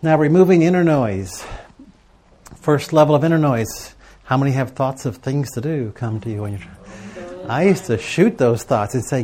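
A man's voice: mid-range voice, lively intonation, normal speed, darkish tone. A middle-aged man giving a sermon to a live audience, telling stories and asking rhetorical questions in a conversational way. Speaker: preacher teaching on prayer and journaling.

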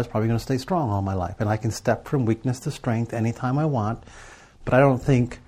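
A middle-aged man with a slightly mellow voice on the low side preaches to a live audience about prayer and journaling. He keeps it conversational, sharing stories and asking rhetorical questions.

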